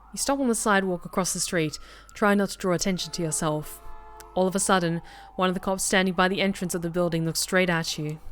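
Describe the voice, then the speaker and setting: A woman with a medium-pitched voice streams a story game, reading the narration aloud with energy and chatting back to her viewers.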